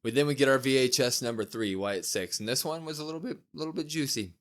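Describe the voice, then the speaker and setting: A man co-hosts a wrestling recap podcast at a mid pitch. He talks casually and acts out the backstage lines in animated voices. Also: fast. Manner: retells scenes acting out quoted lines in lively voices. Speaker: podcast co-host.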